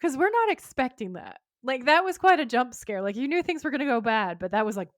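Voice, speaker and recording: A woman's voice: high-pitched, big pitch swings, a little fast, dry recording. Chatty woman recapping scenes on a dry mic. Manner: chatty, recounts scenes and reads dialogue aloud, giggles often. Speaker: podcast co-host. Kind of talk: casual recap chat.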